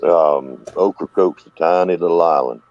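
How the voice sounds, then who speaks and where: A man's voice: low voice, moderate pace, darkish tone. A man with a Southern US accent hosting a casual live-stream chat, telling rambling stories. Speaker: host. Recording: dull lo-fi dry sound.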